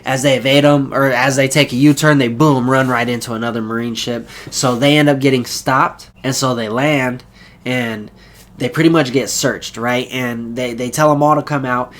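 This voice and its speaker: A man casually retelling an anime episode in a loose, rambling way, jumping into quick character voices. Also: medium pitch, fairly even intonation, a bit bright. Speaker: anime reviewer.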